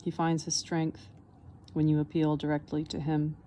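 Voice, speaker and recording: A woman reading the part of a soft-spoken, patient old man in an audiobook, explaining things calmly. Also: deep voice, a little hiss or hum, natural voice. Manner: calm, unhurried explaining.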